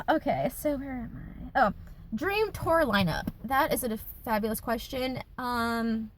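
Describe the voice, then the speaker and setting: A woman's voice: a little high, slow, fairly bright tone, slight background noise. A woman in her twenties, chatting casually in a Q&A vlog from her car, with lots of fillers and giggles. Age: 20s. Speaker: YouTuber.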